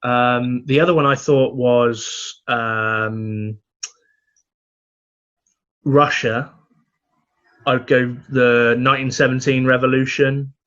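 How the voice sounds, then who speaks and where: A young man co-hosting a podcast, talking in a laid-back, halting way with dry humor. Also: medium pitch, level tone, fairly bright tone. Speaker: podcast co-host. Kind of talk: casual chat. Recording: slightly dull, muffled sound.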